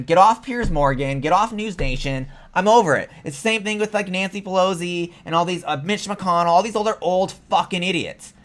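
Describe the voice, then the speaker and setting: A man's voice: sits high, fairly bright tone. A man hosting a vlog, delivering a heated, profane reaction rant. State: sweaty after ranting. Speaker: political commentary vlogger.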